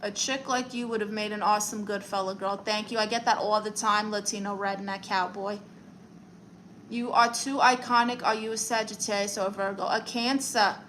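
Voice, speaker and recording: A woman's voice: medium pitch, fairly even intonation, fairly bright tone, a little hiss or hum, rough recording. A young woman from Brooklyn with a New York accent, reading viewer comments aloud and answering them in a sassy, playful way on a casual home live stream. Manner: sassy, playful, quick comebacks.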